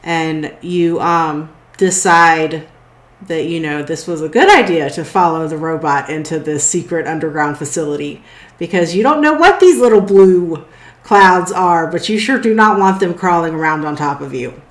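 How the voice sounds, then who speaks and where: A woman's voice: low-pitched, moderate pace. Woman narrating a game, echoey room. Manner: relaxed, descriptive, with fillers. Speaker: game master.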